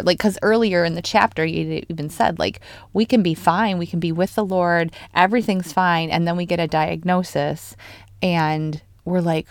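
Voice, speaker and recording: A woman co-hosting a casual faith podcast, retelling stories in an animated, lively way. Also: lowish voice, moderate pace, dry recording. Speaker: podcast co-host.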